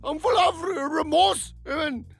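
A stammering South African rugby coach, grovelling. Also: male voice, high-pitched, moderate pace, bright, forceful tone, soft background music. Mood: frantic. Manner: stammering, endless apologies growing frantic. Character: grovelling male rugby coach, middle-aged, desperate and self-pitying. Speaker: puppet satire character. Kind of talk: puppet satire comedy.

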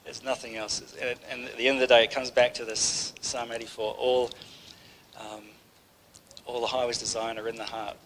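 A man's voice: mid-range voice, level tone, moderate pace, a bit bright, a little hiss or hum, poor audio. Man giving a rambling, conversational sermon. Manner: conversational, rambling, with many restarts. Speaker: preacher. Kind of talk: informal sermon.

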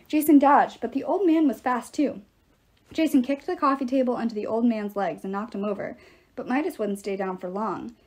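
A woman reading a novel aloud with expressive, dramatic narration. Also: fairly high pitch. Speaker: audiobook reader.

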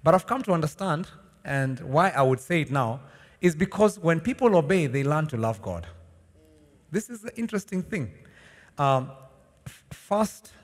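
Male pastor, animated sermon delivery, reverberant church hall sound. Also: on the high side, moderate pace, long pauses. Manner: animated preaching with rhetorical questions and laughs.

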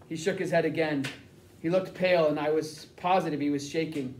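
A man narrating a novel in the first person with steady storytelling. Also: a little high, fairly quick, a little hiss or hum. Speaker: audiobook narrator. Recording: roomy echo.

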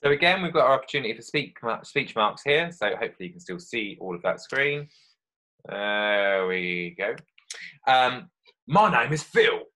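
A man's voice: lowish voice, animated, normal speed, sharp tone. A man, a primary school teacher talking children through an online literacy lesson step by step in a friendly, explanatory way.

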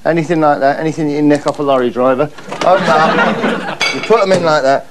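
Male comic host, camp and gushing, fairly high voice, noisy line. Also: a little fast. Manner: camp, gushing, repeats "that's lovely". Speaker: comedy host. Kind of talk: mock-pompous comic monologue.

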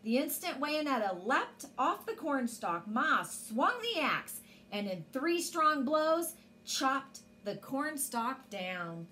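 A woman reading a bedtime story aloud with an expressive storyteller's manner. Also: high-pitched, slow, slight background noise.

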